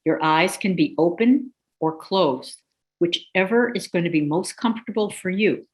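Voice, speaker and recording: Calm woman guiding a yoga class. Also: on the low side. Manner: calm, slow guiding cues with pauses. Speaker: yoga teacher. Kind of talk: guided yoga and meditation instruction.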